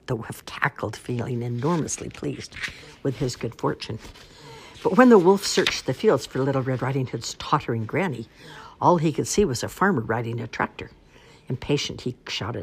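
Deep, husky woman reading a storybook. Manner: expressive, measured storytelling. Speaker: narrator. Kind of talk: storybook read-aloud.

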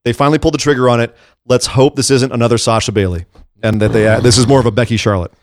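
A man's voice: medium pitch, fairly even intonation, racing, dry recording, clean studio sound. A man co-hosting a casual wrestling talk podcast, rambling and jokey with a sarcastic edge. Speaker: podcast co-host.

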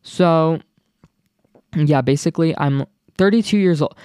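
Excitable, rambling young man podcaster. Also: a little high, normal speed, no echo, studio quality. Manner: rambling and excitable, with many asides. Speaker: podcast host. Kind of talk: casual solo podcast chat.

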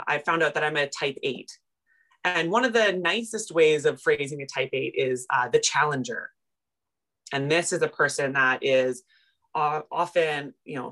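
Low-voiced woman telling a lively story. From Canada. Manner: animated, self-deprecating, quick retellings with big pitch jumps in quoted moments. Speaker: guest, personal finance coach. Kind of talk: casual interview storytelling.

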